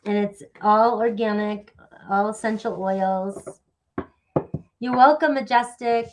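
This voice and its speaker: A woman's voice: mid-range voice, fairly even intonation, takes it slowly, background noise. Woman tarot reader, casual livestream delivery, rambling and chatty, a bit sniffly, mid-range voice. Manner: chatty, rambling, thanks viewers by name. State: sniffly stuffy nose. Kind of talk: casual live tarot reading.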